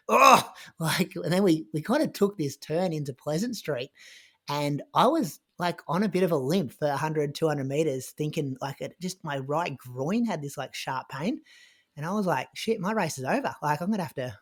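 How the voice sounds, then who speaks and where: A man's voice: fairly high pitch, breathy edge. Chatty man retelling a race. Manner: chatty, lots of "like" and restarts, animated in retelling. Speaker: podcast co-host recounting his race. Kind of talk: casual conversational storytelling.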